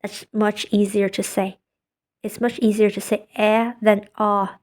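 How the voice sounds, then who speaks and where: A woman who speaks English as a second language, thinking aloud in a casual monologue with many fillers and restarts, often trailing off quietly. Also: mid-range voice, flat delivery, normal speed. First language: not English. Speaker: podcaster.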